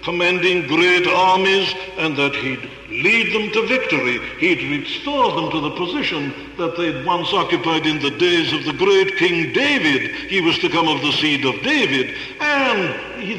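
A man's voice: a little high, animated, measured pace, hardly any pauses, pushed and bright. A man preaching a sermon in an earnest, rhetorical way, piling up emphatic repetitions. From Wales. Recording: echoey hall with long reverb.

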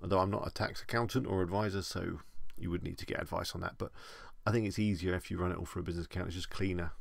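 A man's voice: low-pitched, steady tone, racing, gravelly, no room sound. A man with an English accent, chatting casually as he answers viewer questions on a live stream.

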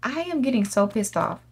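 A woman's voice: lowish voice, lively intonation, normal speed, fairly bright tone, breathy edge. A woman hosting a gaming channel, giving casual let's-play commentary in a chatty, profane way and talking straight to her viewers. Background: faint game music.

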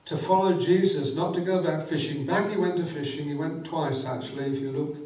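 A man's voice: a little high, fairly even intonation, brisk, darkish tone. Fervent preacher man in an echoey church. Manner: fervent, quotes scripture with rising emphasis. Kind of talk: sermon. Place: church hall. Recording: echoey church hall, mic at a distance.

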